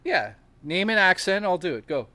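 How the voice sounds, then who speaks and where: A man's voice: high voice, sing-song, normal speed, sharp tone, dry recording. A man from Canada in a casual, profane late-night chat stream, joking around. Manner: profane, joking, breaks into laughter. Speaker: co-host.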